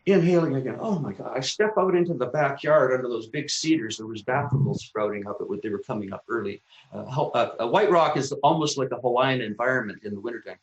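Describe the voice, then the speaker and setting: A fast-talking man with a mid-range voice, recorded with the highs cut off in an echoey room, co-hosts a talk show. He casually tells a vivid personal story, acting out his exclamations and cursing freely.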